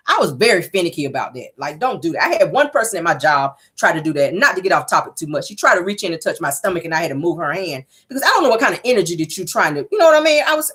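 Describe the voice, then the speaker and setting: A woman, casually recapping a reality show. She is blunt and sassy, swears freely, and acts out quotes with big jumps in pitch. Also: a bit bright, slightly rough.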